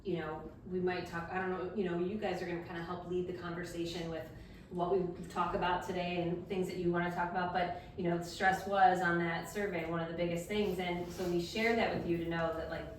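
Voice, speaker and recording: A middle-aged woman talks casually to a live audience in a relaxed, friendly way, with lots of "like" and "you know" fillers. She is far from the mic. The room echoes heavily, with a faint hum behind her. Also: on the low side, a little fast. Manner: animated storytelling, many "like" and "you know" fillers. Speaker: health coach and elementary school teacher. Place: large room at a community event.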